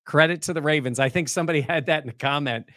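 A man co-hosting a sports talk show, breaking down the game in casual, animated conversation. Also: a little high, racing, no echo, clean studio sound.

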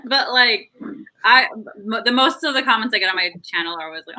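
Bright Valley-talking young woman. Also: fairly high pitch, a little fast, poor audio. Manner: Valley girl speech, lots of "like". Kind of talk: casual chat. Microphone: video call.

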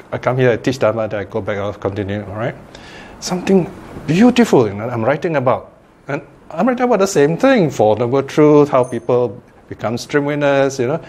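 An older man with a mid-range voice teaching meditation to a class. He talks casually and warmly, keeps turning to his listeners with little questions, and chuckles gently as he explains. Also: medium pitch, slight background noise. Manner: chatty, checks in with listeners by asking "okay?" and "right?". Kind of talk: informal Dhamma class talk.

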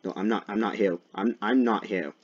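A young man giving jokey gameplay commentary as a video creator, often breaking into loud, mock-dramatic shouts. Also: lowish voice, steady tone, brisk, slightly rough, dull audio.

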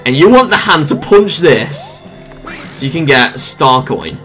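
A let's-play gamer giving casual gameplay commentary, excitable, often exclaiming and laughing, with rambling jokey asides. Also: mid-range voice, a little slow, soft background music.

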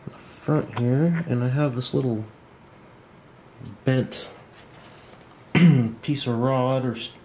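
A man walking through a model glider build at home at night, thinking aloud in a relaxed, self-deprecating way. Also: mid-range voice, slow, long pauses, slight background noise. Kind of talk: hands-on build tutorial.

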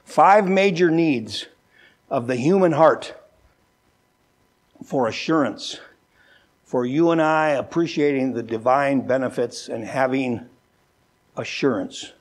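An older man preaching a sermon as a pastor, folksy and joking, who often repeats words and slows down with a lifted voice when he reads scripture. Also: medium pitch. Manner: slows down and lifts his voice when reading scripture.

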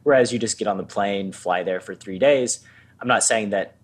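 A man's voice: fairly low pitch, normal speed. A man hosting a podcast interview, making reflective, wry remarks in casual chat. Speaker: podcast host.

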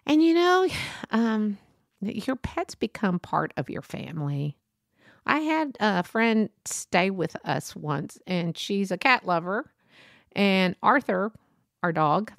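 A woman's voice: on the low side, vocal fry, no echo, clean studio sound. A grandmother hosting her own podcast, talking casually in a chatty, rambling way and laughing often. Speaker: podcast host. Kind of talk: casual solo podcast talk.

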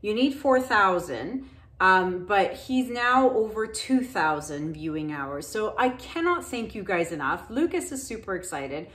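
A middle-aged woman talks straight to her viewers about her painting channel, relaxed and chatty. She thanks people warmly and drops in plenty of ums and uhs as she goes. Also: mid-range voice, unhurried. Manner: chatty, thankful, loose with fillers. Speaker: acrylic pour painting channel host. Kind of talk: casual chat to viewers.

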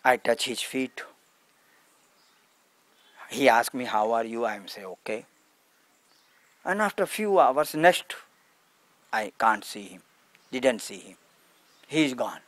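A man's voice: mid-range voice, animated, takes it slowly, long pauses, fairly bright tone, no echo. A man, a spiritual teacher speaking in simple broken English with short repeated phrases at a satsang. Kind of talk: satsang talk to a gathering.

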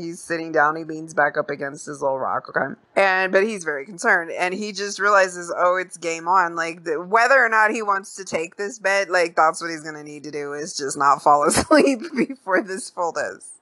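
A woman podcast host recapping a film in a casual, profane, animated way, laughing as she tells it. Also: on the low side, moderate pace, few pauses.

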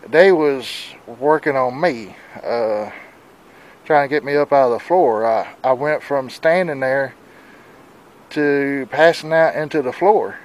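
A Southern U.S. man in his 40s vlogs casually outdoors in the wind, speaking in a mid-range voice at a slightly slow pace. He rambles worriedly and plainly, out of breath and stuffy-nosed, on a handheld camera that gives low-quality sound.

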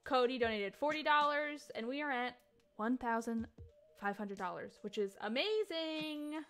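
A bubbly woman hosting a charity game stream, reading donations and chatting casually with a laugh never far off. Her voice is bright and forceful and sits a little high, with faint music behind. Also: a little slow, clean tone. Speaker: stream host.

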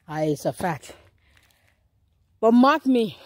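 A woman's voice: medium pitch, measured pace, dry recording. A woman in her fifties, out of breath as she hikes up a mountain trail outdoors, chatting casually to her phone camera and her dog. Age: 50s. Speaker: vlogger. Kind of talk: casual walking vlog.

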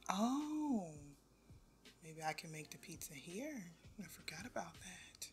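A young woman giving casual gameplay commentary, talking to the game characters and grumbling at them when they are too slow. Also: lowish voice. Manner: animated, talks to the game characters, exasperated asides. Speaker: gameplay video host. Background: faint background music.

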